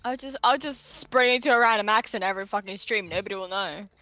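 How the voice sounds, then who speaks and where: Bright, swearing woman gamer. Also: medium pitch, fast, dry recording. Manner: swears freely, loud and laughing. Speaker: player. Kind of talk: casual chat during a tabletop game.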